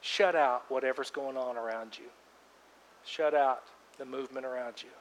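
A man preaching a sermon as pastor, emphatic, swinging between loud outbursts and hushed words. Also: medium pitch, fairly even intonation, moderate pace, a little hiss or hum. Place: church sanctuary. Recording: long reverb of a large church hall.

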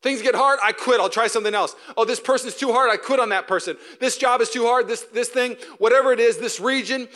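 A young man delivers a sermon to his church. His voice sits high and sounds bright and forward. He keeps it animated, joking and acting out little voices as he goes. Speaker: pastor.

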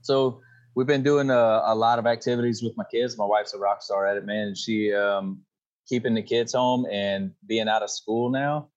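Cajun guy in his thirties, relaxed guest, low voice through muffled call audio. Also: moderate pace. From Louisiana. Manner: easygoing, laid-back storyteller. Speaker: podcast guest. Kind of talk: casual chat.

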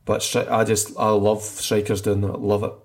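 A man's voice: on the low side, monotone, moderate pace, gravelly. A middle-aged man co-hosting a casual football chat, enthusiastic and rambling, often restarting his sentences. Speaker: podcast co-host.

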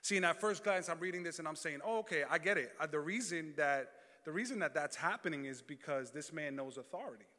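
A man's voice: a little high, brisk, bright, forceful tone. A man preaching a sermon, reading scripture aloud and then calling out to the congregation. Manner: reads scripture then preaches with call-and-response. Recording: long hall reverb.

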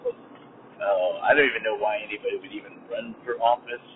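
A man's voice: medium pitch, wildly swooping pitch, moderate pace. A man chatting in an easygoing, rambling way, often chuckling as he talks. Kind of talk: casual chat. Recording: tinny phone-like sound with faint noise.

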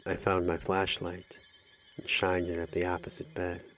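Male storyteller, very low voice, measured first-person horror narration, faint noise behind. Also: completely flat delivery, fairly bright tone.

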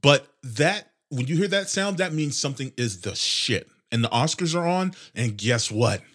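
Young male podcast host, congested nose, sarcastic profane rambling, lively pitch. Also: moderate pace, breathy edge. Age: 20s. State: congested nose, clearing throat. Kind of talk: casual solo podcast rant.

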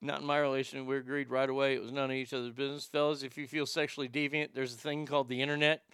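A man's voice: medium pitch, level tone, rapid-fire, fairly bright tone, clear, resonant tone, no room sound, clean studio sound. A man hosting a comedy podcast, rambling and joking crudely, often stammering and repeating words. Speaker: podcast host.

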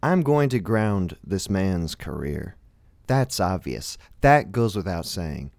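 Deadpan man telling an absurd story. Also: low voice, takes it slowly, creaky, no echo, studio quality. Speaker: comic narrator. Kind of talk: deadpan comic monologue.

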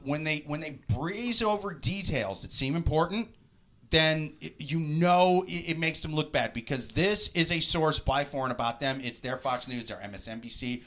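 A man's voice: fairly high pitch, fairly bright tone. A man co-hosting a comedy podcast, rambling crudely in casual chat and stammering through restarts. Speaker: podcast co-host.

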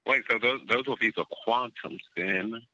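A man's voice: mid-range voice, moderate pace, bright, forceful tone, no room sound, muffled recording. Polite, patient male phone agent. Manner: patient, polite, slightly confused. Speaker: customer service agent. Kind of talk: phone support call.

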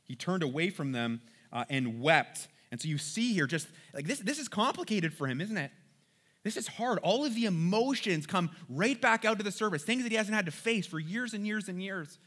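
Bright-voiced man teaching from scripture. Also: high voice. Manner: reads scripture aloud, then comments casually, often asks "right?". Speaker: Bible teacher. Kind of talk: conversational Bible teaching.

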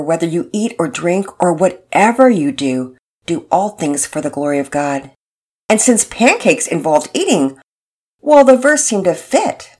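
A woman narrating a storybook in a calm, earnest, gently expressive reading. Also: on the low side, husky.

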